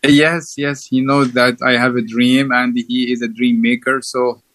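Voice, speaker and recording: Man speaking halting, filler-heavy English. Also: medium pitch, little pitch movement, a bit bright. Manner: halting, many fillers and restarts. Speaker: guest guide. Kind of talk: casual interview chat.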